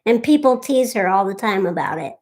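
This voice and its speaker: A woman's voice: medium pitch, lively intonation, fairly quick, a little mellow. A young woman co-hosting a casual live stream, chatting and thanking viewers by name.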